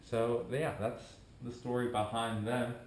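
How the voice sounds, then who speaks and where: Amid slight background noise, a young man with a mid-range voice vlogs at a measured pace for his new channel. His casual story rambles with animation, and he acts out his friends' words in an echoey room.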